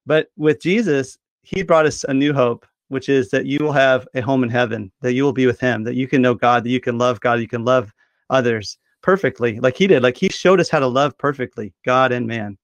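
A man's voice: medium pitch, brisk, no echo. A man talking about faith in a casual discussion, earnest and appealing to listeners.

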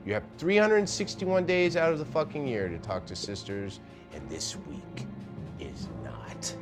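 A man's voice: medium pitch, lively intonation, a little slow, close to an everyday voice. An actor playing a furious young woman sorority officer who rants and swears in a dramatic reading over music. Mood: seething. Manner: profane, seething, building to screaming. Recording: loud music under the voice.

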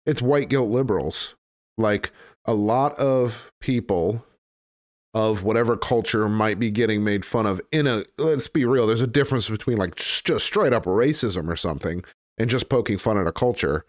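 A man with a fairly low voice hosts a casual podcast chat. He rambles bluntly, swears freely and leans on fillers. The sound is dry and close. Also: moderate pace, no echo. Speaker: podcast host.

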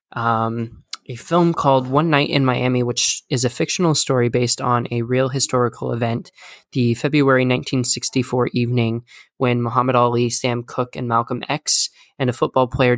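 A man's voice: medium pitch, no echo, clean studio sound. A man co-hosting a casual podcast chat, rambling with lots of fillers and teasing his co-host.

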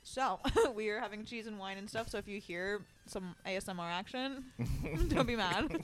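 A woman's voice: medium pitch, normal speed, faint music behind. A young woman hosting a casual podcast, bubbly and full of fillers and casual swearing, with a sleepy voice. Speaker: podcast host. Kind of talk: casual chat. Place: at home, sitting on the floor.

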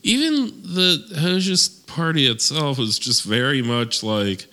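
A man's voice: fairly low pitch, bright, forceful tone, clean tone. A man co-hosting a casual chat, rambling and wry, often restarting his sentences. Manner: rambling, self-correcting, wry. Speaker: podcast co-host.

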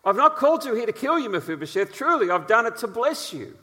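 A man's voice: very high voice, very animated, fast talker, sharp tone, big-room sound, pitched above the performer's own voice, heavily acted. A man voicing a benevolent king who speaks kindly and reassuringly to a frightened subject.

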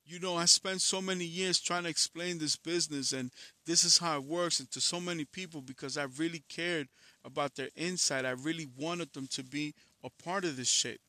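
A man's voice: fairly high pitch, fairly even intonation, moderate pace, pushed and bright, no echo. A man who is a musician, giving a blunt, profane, candid personal monologue, frustrated and reflective.

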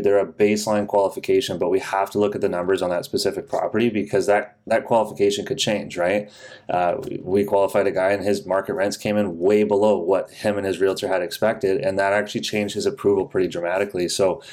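A man co-hosting a podcast as a mortgage broker, explaining lending in a measured, matter-of-fact way. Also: sits low, steady tone, darkish tone. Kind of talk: casual podcast talk.

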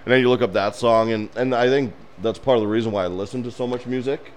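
A man co-hosting a casual podcast chat, telling movie scenes with laughter and rising excitement. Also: medium pitch, fast talker. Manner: animated storyteller, laughs while retelling scenes. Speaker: podcast co-host.

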